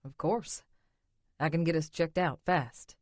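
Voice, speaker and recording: A gentle, concerned young man speaking in a lowered voice, as a woman narrator puts him on. He talks slowly and carefully in a romance audiobook. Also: steady tone, no room sound.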